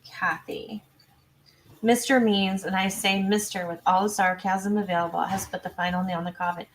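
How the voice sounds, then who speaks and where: A woman hosting a true crime livestream, chatty and self-interrupting, reading viewer comments and adding quick asides. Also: mid-range voice, fairly even intonation, a little hiss or hum. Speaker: true crime channel host. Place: home.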